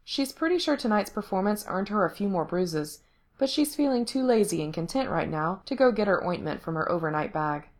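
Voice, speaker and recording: A woman reads a story aloud at a steady, even pace, with a clear, middle-pitched speaking voice. Her narration stays plain and unhurried.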